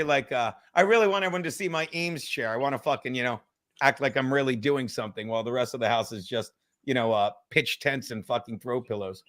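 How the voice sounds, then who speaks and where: A man hosting a livestreamed podcast, rambling and swearing as he tells stories and reads out viewer messages. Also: fairly high pitch. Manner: profane, rambling, animated storytelling. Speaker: podcast host. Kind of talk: casual livestream chat.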